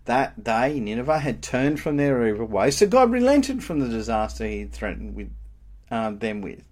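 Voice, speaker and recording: Lively preacher man. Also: mid-range voice, normal speed. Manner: animated, rhetorical questions, emphatic. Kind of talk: sermon.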